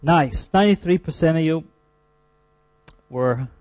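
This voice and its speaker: A man's voice: on the high side, a little mellow, no echo. Scottish man lecturing on physiology. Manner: emphatic, repeats key terms slowly, dry asides. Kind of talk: university lecture.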